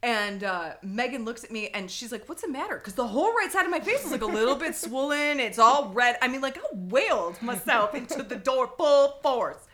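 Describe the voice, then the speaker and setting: A woman hosting a podcast, telling funny stories in a lively way and laughing often. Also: a little high, normal speed, few pauses, a little hiss or hum. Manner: animated, laughing storyteller. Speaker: podcast host. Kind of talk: casual storytelling chat.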